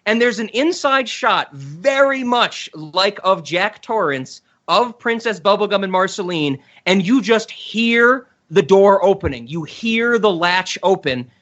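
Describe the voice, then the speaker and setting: A man's voice: sits high, lively intonation, measured pace, few pauses, fairly bright tone. A man hosting a casual podcast, enthusiastically retelling a cartoon scene in a rambling way. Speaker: podcast host. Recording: dull lo-fi sound.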